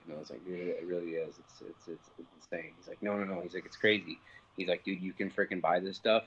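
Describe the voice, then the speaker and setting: Low-voiced man telling a heated, profane story. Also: highs cut off. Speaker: interview guest, professional fighter. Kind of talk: casual phone interview.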